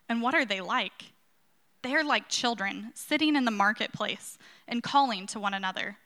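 A woman reading a Bible passage aloud in a measured, formal way. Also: medium pitch, pushed and bright. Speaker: scripture reader. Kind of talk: scripture reading.

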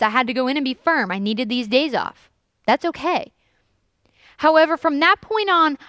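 A young woman youth pastor preaches, telling stories earnestly and leaning into key lines. Her voice sits a little high and comes through smooth and clear. The sound is dry and close. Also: dry recording. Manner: earnest storytelling with lively emphasis. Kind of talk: sermon.

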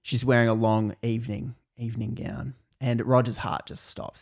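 A man's voice: mid-range voice, fairly even intonation, normal speed, gravelly, darkish tone. Man telling a story, casual and rambling. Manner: rambling, self-correcting, laughs at own jokes. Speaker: podcast storyteller.

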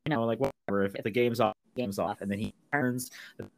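Fast and steady in tone, a creaky, fairly low-voiced co-host runs through a film's plot on a podcast, voicing the characters' lines in a raised voice. The recording is dry.

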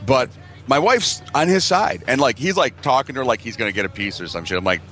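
A man's voice: mid-range voice, animated, brisk, a bit bright, a little hiss or hum. A man on a podcast telling casual, profane stories, laughing and acting out what people said. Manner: profane, laughing, acts out quotes. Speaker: podcast regular. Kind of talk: casual storytelling chat.

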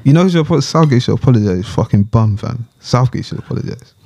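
A man's voice: medium pitch, lively intonation, fast, gravelly, mellow, a little hiss or hum. A man co-hosting a casual podcast chat, blunt and swearing freely. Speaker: podcast co-host.

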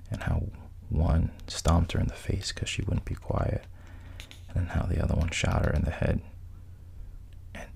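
A man's voice: low-pitched, vocal fry, a little mellow, slightly rough. A man casually retelling a film's plot, quoting the characters in his own voice and often sinking to a whisper. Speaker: storyteller retelling a film plot.

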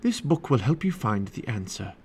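A man's voice: medium pitch, big pitch swings, normal speed, darkish tone, slightly rough. A man voicing a kind, mysterious old sorceress librarian in a family storybook reading. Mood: calm. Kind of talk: family storybook read-aloud.

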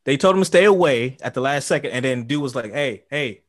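A man's voice: medium pitch, quick pace. A man in a casual movie chat who retells scenes in an easygoing way and poses questions. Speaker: movie review co-host.

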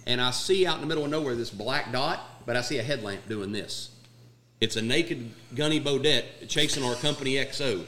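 Male ex-Marine with a bright, forceful voice, telling profane stories, with a faint noise in the background. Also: mid-range voice, brisk. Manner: profane, laid-back storyteller. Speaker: former Marine platoon sergeant. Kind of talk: casual storytelling chat.

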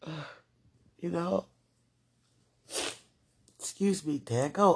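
A woman podcaster giving a slow, earnest, deeply emotional devotional monologue. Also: creaky, breathy edge.

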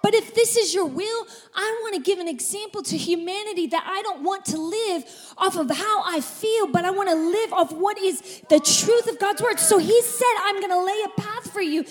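A woman pastor preaching a sermon to a congregation in a church, with energetic, emphatic delivery and repeated phrases. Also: extremely high pitch, moderate pace. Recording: reverberant church hall.

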